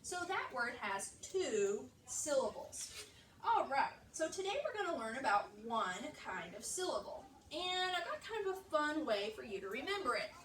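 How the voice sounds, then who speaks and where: A woman teaching young children a reading lesson in a classroom, upbeat and encouraging, speaking slowly and clearly. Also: high voice, big pitch swings, a bit bright. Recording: echoey classroom, far-off mic, background noise.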